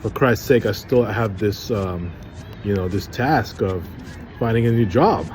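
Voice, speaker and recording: A man with a somewhat low voice talks in a halting, rambling manner, weary and frustrated. He vlogs outdoors, and faint city ambience hums behind him. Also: animated, a little mellow, a little hiss or hum. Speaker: vlogger. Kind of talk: casual rambling monologue.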